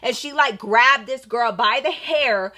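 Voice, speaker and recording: Young woman vlogger, high bright voice, animated storytime delivery, swears freely. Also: measured pace. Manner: animated, profane, acts out quoted dialogue. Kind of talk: storytime while getting ready.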